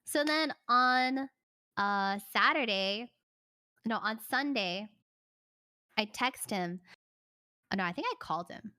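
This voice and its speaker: A woman streamer casually telling a personal story, animated, swearing and full of "like" fillers. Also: on the high side, slow, pauses often, smooth.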